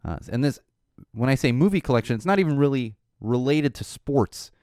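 A middle-aged man hosting a podcast, rambling casually with lots of fillers, his voice a little hoarse and tired. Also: mid-range voice, a little fast, no room sound, studio quality. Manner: rambling, animated, frequent "uh" fillers. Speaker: podcast host. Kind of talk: casual solo chat.

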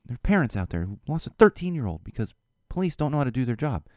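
A man hosting his own show, talking in an animated, emphatic monologue. When he gets upset he repeats words. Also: medium pitch, fast talker, dry recording, clean studio sound. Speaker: show host. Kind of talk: casual monologue.

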